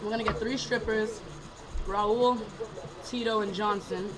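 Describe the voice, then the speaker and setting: A young woman chatting fast and giddy into a home webcam, rambling, cursing and laughing, wired on coffee. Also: medium pitch, steady tone, rough recording. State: over-caffeinated. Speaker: vlogger. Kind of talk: hyper casual webcam chat. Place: room at home.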